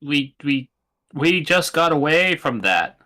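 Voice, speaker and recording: A man's voice: a little high, big pitch swings, slow pace, bright, forceful tone. A man playing a tabletop game, talking casually with some stammered restarts. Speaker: player.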